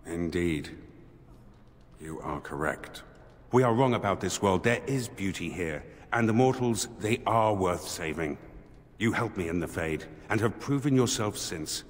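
An actor playing a grave, formal spirit warrior in a video game, speaking in a stately way. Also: male voice, deep voice, animated, unhurried, long reverb tail. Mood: solemn.

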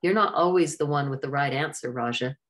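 A woman's voice: on the low side, expressive, measured pace, pitched above the performer's own voice. A woman doing a sarcastic hot-tempered young man. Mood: irritable. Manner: sarcastic, irritable. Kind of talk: storybook narration.

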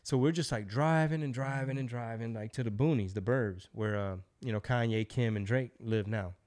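A man's voice: medium pitch, moderate pace. Loose, profane man telling a story. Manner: loose, profane, animated storyteller who acts out quotes. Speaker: podcast host. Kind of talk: casual storytelling.

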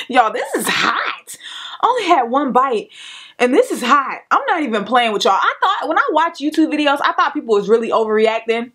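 Slangy woman vlogger with a lively voice. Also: high voice, normal speed, breathy edge. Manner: slangy, playful, talks to her viewers. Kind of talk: casual vlog chat.

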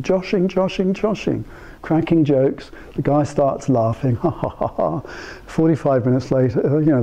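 An older man speaks to a small audience in a relaxed, conversational talk, his voice pitched slightly high and warm in tone. He wanders through anecdotes, pausing to think aloud and acting out the people in his stories. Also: muffled recording. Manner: musing, thinks aloud with pauses and restarts. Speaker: speaker addressing psychotherapists. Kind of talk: informal talk to a small group. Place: meeting room with a small live audience.

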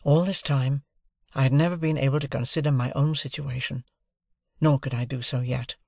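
A man reading a classic novel as an audiobook, with a measured, phrase-by-phrase delivery. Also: mid-range voice, fairly even intonation, gravelly, a little mellow, no echo, studio quality. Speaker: audiobook narrator.

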